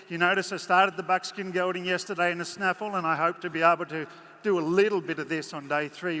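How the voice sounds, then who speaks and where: In an echoey arena with a faint crowd, a horse clinician demonstrates training live in a high, pushed, bright voice. He keeps up folksy chatter and voices his horses playfully.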